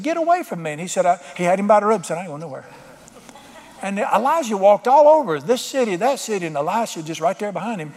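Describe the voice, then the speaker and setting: A man's voice: high voice, darkish tone, big-room sound. A man preaching a sermon, telling a story and building to fervent emphasis. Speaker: pastor.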